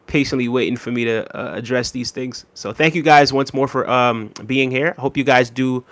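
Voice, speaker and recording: A man's voice: mid-range voice, steady tone, normal speed. Easygoing young man streaming live. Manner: easygoing, many ums, friendly shout-outs to viewers. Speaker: live streamer reading viewer chat. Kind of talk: casual live stream chat.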